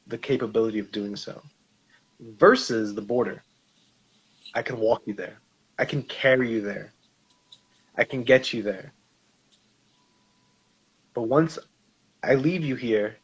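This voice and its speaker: Husky-voiced man telling a story. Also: mid-range voice. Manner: animated storyteller, acts out quoted dialogue. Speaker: podcast co-host. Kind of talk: casual discussion with personal storytelling. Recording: slightly dull, lo-fi sound.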